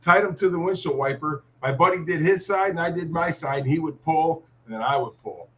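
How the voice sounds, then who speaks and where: A man's voice: fairly high pitch, fairly quick, a bit bright. A man telling plain-spoken stories in casual chat. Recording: dull lo-fi audio.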